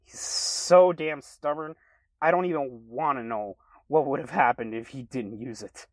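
A man's voice: medium pitch, measured pace, dry recording, pitched above the performer's own voice, lightly acted. A man voicing a protective young man who scolds his friend, in a read-aloud story. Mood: scolding. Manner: exasperated, scolding.

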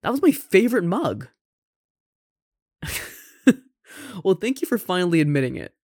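In a romantic audio roleplay, a performer voices a caring roommate confessing love, tender and soft with gentle laughs and sighs. The voice is mid-range and sing-song at a moderate pace, in a dry, studio-quality recording.

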